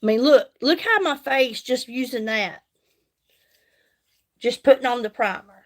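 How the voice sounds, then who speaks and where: A woman's voice: a little high, animated, unhurried. Chatty woman on a live makeup stream. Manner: folksy, chatty, greets viewers by name. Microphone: phone.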